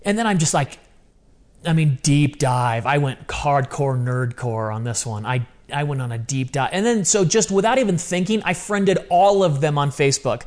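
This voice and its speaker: A man's voice: on the high side, normal speed. A man in his fifties telling a personal story in a casual, earnest way, often acting out what he said. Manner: earnest, animated, quoting himself.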